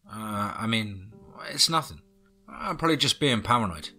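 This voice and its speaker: A man's voice: lowish voice, lively intonation, normal speed, bright, forceful tone, husky, faint music behind, exaggerated voice. A man voicing a jumpy young college woman. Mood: nervous. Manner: nervous, unsure.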